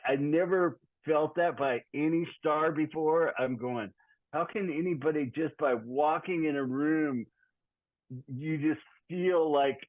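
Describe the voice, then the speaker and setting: A man's voice: fairly high pitch, no room sound. A man in his sixties, a guest musician, chatting in an easygoing, rambling way over a remote call. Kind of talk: casual podcast chat. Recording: tinny phone-like call audio.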